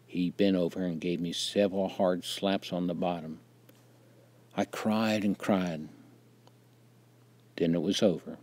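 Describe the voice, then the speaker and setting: A man in his fifties narrating a childhood memory in a plain, unhurried way. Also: low voice, fairly even intonation, a little mellow, no room sound. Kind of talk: memoir storytelling.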